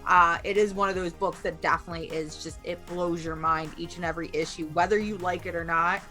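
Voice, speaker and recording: A woman's voice: on the low side, fairly even intonation, fairly quick, bright, forceful tone, faint music behind. A woman guest in a casual comic book chat, enthusiastic and chatty.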